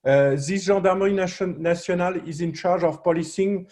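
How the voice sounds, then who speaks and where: A man with a French accent presenting at a roundtable, pausing often with fillers and restarts. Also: high voice, darkish tone. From France. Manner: hesitant, many fillers and restarts. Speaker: panel speaker, researcher.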